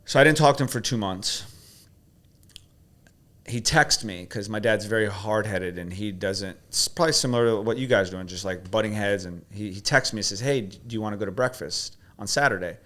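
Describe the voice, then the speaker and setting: A man's voice: fairly low pitch, a little fast, fairly bright tone. A man coaching his host through questions, then telling a personal story with emotion. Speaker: guest coach.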